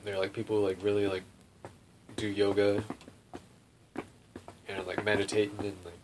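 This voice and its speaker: A man's voice: lowish voice, monotone, normal speed. Rambling young man telling a story. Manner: rambling, full of "like" and swearing, laughs often. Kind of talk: casual storytelling chat. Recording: faint background noise.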